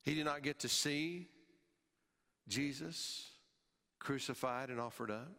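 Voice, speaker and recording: Bright-voiced preacher in a reverberant hall. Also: male voice, slow, gravelly. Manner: emphatic, with wide swings in pitch and loudness, dropping low at phrase ends; repeats words when restarting. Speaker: pastor. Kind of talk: sermon.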